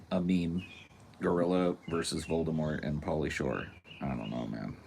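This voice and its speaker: A man's voice: very deep voice, steady tone, normal speed, gravelly, darkish tone, slight background noise. A man co-hosting a podcast, chatting casually in loose, joking, slangy banter. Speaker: podcast co-host. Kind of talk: casual chat.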